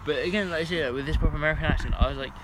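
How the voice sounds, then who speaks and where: A man co-hosting a podcast in casual chat, earnest and quick to laugh. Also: on the high side. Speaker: podcast co-host. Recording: noisy background.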